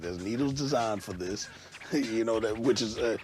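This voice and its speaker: A man's voice: fairly low pitch, normal speed. A man being interviewed, telling stories animatedly and acting out sounds and quotes. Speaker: interviewed DJ and rapper.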